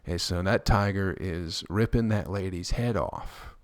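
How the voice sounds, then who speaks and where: A man delivers a casual solo podcast monologue a little slowly, close to the mic and without echo. He rambles crudely, jokes, swears a lot, and mimics people using high, squeaky voices.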